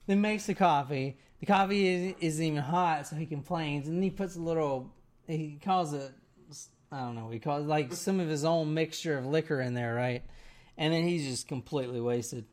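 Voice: mid-range voice, normal speed, a little mellow. A person telling a story to friends in a casual, rambling way, with many "like"s and "right?"s.

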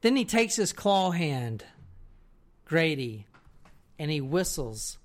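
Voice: medium pitch, big pitch swings, slow, a little hiss or hum. A podcast co-host telling a story in casual, rambling chat, swearing freely and often checking in with the listener. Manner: rambling, profane, keeps checking in with "right?".

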